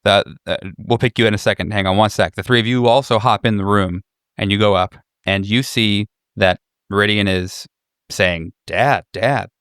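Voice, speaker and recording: A man narrating as game master of a tabletop horror game, describing scenes with frequent halting fillers. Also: fairly low pitch, fairly even intonation, a bit bright, clean tone, no room sound, clean studio sound.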